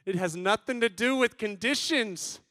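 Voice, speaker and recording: A man in his thirties telling funny stories to a conference crowd, acting out quotes and swinging from loud bursts to hushed tones. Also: high-pitched, moderate pace, no room sound. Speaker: conference speaker. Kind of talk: comedic storytelling talk.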